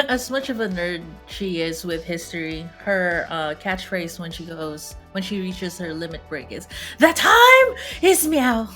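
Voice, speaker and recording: A woman's voice: lowish voice, measured pace, a bit bright, faint music behind. A woman playing a tabletop game, speaking in a playful, giggly way. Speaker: player. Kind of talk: casual tabletop play.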